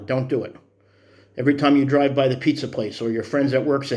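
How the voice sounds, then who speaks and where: A fifty-something man talks fast about how his workouts are going, rambling but sincere and encouraging in his fitness vlog. His voice is medium-pitched and darkish, with fairly even intonation.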